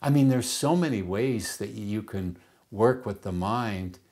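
Slow, unhurried man teaching. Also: fairly low pitch, darkish tone. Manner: unhurried, repeats words while searching for phrasing. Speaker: mind power teacher. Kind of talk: reflective teaching talk.

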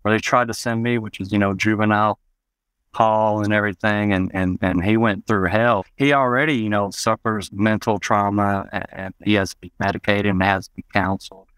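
A man's voice: fairly low pitch, fairly even intonation, brisk, a bit bright, clear, resonant tone, no echo. A man from Arkansas, telling personal memories as an interview guest, rambling with many "you know" asides.

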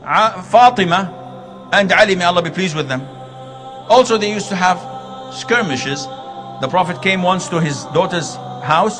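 A man's voice: sits high, normal speed, fairly bright tone. A man preaching a sermon on marriage, telling stories and acting out the quoted dialogue. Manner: storytelling, acts out quoted dialogue. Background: music.

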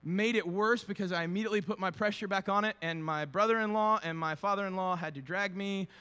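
Young guy pastor, high bright voice, joking sermon in a big echoey church hall. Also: fast talker, clear, resonant tone. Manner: animated, acts out quotes with funny voices. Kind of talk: casual humorous sermon.

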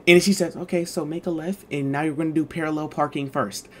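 Excitable slangy young-sounding male streamer. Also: on the high side, fast talker, very noisy. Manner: slangy, excitable storytelling that swings from mumbled asides to loud exclaims. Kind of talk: storytime chat to a live stream.

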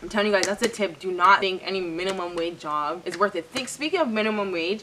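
A woman's voice: fairly low pitch, a bit bright, a little hiss or hum. A young adult woman chatting through a storytime as a beauty vlogger, emphatic and slangy, often repeating her key points. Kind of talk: casual storytime chat.

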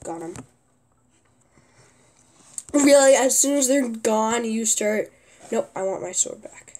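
A young woman talks over her own game as she plays, often exasperated and shouting at a teammate. Her voice sits a little high. Between the outbursts her talk is slow and unhurried. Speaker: gaming youtuber. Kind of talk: gameplay commentary.

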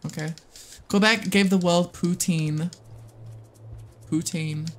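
A woman from the United States streaming a game live, excitable and swearing often, muttering under her breath and then breaking into squealing shrieks. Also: lowish voice, normal speed, soft background music. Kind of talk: live gameplay commentary.

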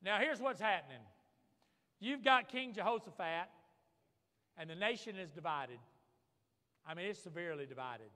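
High, bright-voiced pastor preaching fervently. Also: male voice, lively intonation, normal speed, long pauses. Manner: fervent, calls for amens from the congregation. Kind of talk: sermon. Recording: long reverb of a large hall.

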